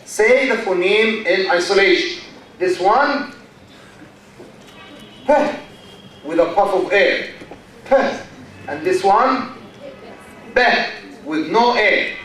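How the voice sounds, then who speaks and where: A university lecturer with an Egyptian accent, a native Arabic speaker, gives a classroom lecture, repeating key terms and checking in with "okay?". His high-pitched, fairly bright voice moves a little slowly. He's recorded in an echoey hall, far from the mic.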